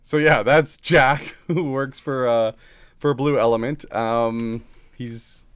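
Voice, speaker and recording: Man, podcast co-host, easygoing, smooth resonant voice, dry close sound. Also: medium pitch, steady tone, takes it slowly, no room sound. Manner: easygoing, laughs often. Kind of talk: casual chat, reading a sponsor plug.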